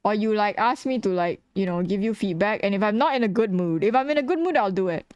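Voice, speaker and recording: A woman's voice: medium pitch, animated, quick pace, a little mellow, clear, resonant tone, no room sound, dull audio. A young woman streaming while she draws, chatting bluntly and casually with her viewers and laughing often. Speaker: streamer and artist. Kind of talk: casual livestream chat while drawing.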